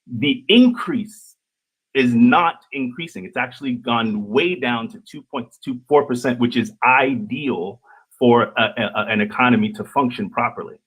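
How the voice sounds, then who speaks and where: A man on a discussion panel who explains his points calmly and patiently. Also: medium pitch, moderate pace, husky, rough recording. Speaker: panel guest. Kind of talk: panel debate.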